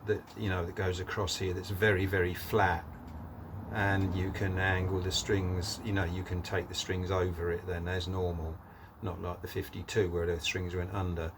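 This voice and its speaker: A man's voice: deep voice, level tone, moderate pace, background noise. A man talking casually through a guitar build in his workshop, rambling with lots of fillers. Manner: rambling, many fillers and "sort of thing".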